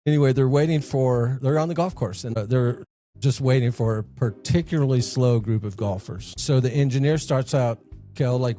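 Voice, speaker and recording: A man co-hosting a podcast, telling jokes in a casual, animated way and laughing at his own punchlines. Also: mid-range voice, moderate pace, faint music behind. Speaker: podcast co-host.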